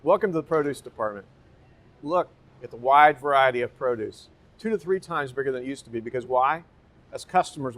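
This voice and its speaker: A man's voice: medium pitch, fairly bright tone. A man guiding a walking tour through a grocery store, explaining its layout and asking rhetorical questions as he points things out. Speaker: real estate company guide.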